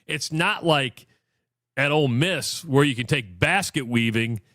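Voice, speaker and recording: A man's voice: medium pitch, unhurried, pushed and bright, dry recording, studio quality. Fired-up opinionated sports radio host, man. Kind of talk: sports talk radio commentary.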